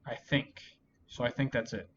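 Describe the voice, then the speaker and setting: A drunk man talking alone to his viewers, loose and rambling, with profanity in nearly every sentence. He sounds sorry for himself, and his voice sits at an ordinary middle pitch. The recording is dull and muffled, with a faint hiss underneath. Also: steady tone, moderate pace. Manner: profane, rambling, self-pitying. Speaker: channel host. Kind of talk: drunken solo commentary.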